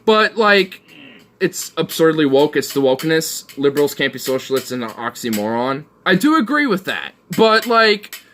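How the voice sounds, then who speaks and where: A tipsy man holding court on a casual stream. His pitch swings widely as he rambles and curses at full volume, tripping over his own sentences. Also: big pitch swings, normal speed, a little hiss or hum. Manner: loud, rambling, swearing, laughing a lot. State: drunk. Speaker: livestream co-host. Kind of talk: casual drunken chat.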